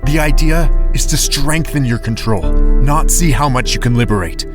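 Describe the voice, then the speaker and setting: A stern fantasy summoner and mentor with a grave, commanding delivery, played by a man. It is a demo reel clip with music clearly running behind him. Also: medium pitch, normal speed, close to an everyday voice. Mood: stern warning. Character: stern male mentor and summoner of dark forces.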